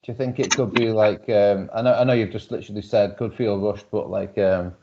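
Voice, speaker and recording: A man co-hosting a casual podcast, rambling with many restarts and quick to laugh. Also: fairly low pitch, steady tone, background noise. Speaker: podcast co-host. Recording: muffled lo-fi audio.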